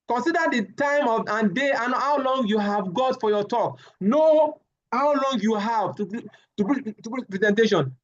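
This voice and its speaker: A man with a very high voice gives a live safety training lecture on a lo-fi recording. He addresses the class animatedly, frequently repeating his words.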